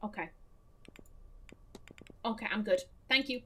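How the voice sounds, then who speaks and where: A woman's voice: medium pitch, unhurried, fairly bright tone. A woman, chatting casually and with a self-deprecating edge as she comments on her own let's-play, swearing freely. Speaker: gaming streamer.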